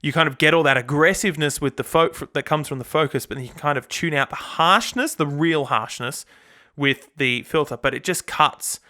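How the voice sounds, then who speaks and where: A young man with an Australian accent chats on and on about his setup, drifting off on tangents and dropping the odd swear word. His voice is bright and clean, with a smooth, clear tone. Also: mid-range voice. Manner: rambling, chatty, swears casually. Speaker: guitarist and channel host. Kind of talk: casual gear demo vlog.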